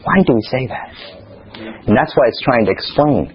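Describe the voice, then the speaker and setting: A man's voice: medium pitch, animated, moderate pace, highs cut off. A man leading a study class, reading a text aloud and then putting rhetorical questions to his listeners. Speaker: teacher.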